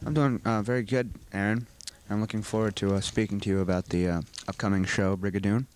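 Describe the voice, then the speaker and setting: A teenage boy with a fairly low voice answers questions for a school video. He talks earnestly and rambles through long explanations. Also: fairly even intonation, fast, a little mellow. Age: teens. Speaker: student actor being interviewed.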